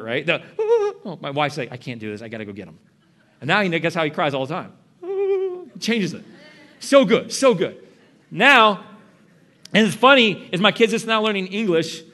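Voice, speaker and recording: A young man preaching a sermon as a pastor, animated and jokey, often asking the congregation questions. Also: a little high.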